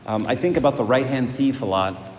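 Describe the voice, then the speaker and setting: A man's voice: medium pitch, brisk, a little mellow. A man preaching a sermon in a conversational way, repeating words and asking rhetorical questions. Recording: echoey hall, faint noise.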